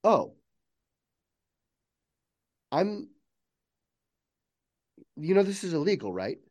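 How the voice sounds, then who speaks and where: A man's voice: high voice, sing-song, darkish tone, lo-fi sound, voice pushed up, exaggerated voice. A man voicing a shaken female AI hologram. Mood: startled. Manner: halting, repeats words, rising questions. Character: newly awakened female AI hologram, anxious.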